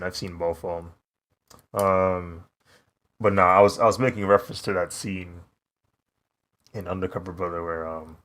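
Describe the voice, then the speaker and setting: A young man from the US chatting casually while drawing on a live stream, laid-back and quick to laugh. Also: low voice, a bit bright. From United States. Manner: laid-back, laughs often, says "bro". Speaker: streaming artist.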